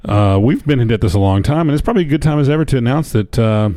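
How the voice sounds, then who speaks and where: A man's voice: mid-range voice, fast talker, warm tone, no room sound, studio quality. A man co-hosting a podcast, chatting casually and reading news aloud with wry jokes. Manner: joking, wry. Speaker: podcast co-host.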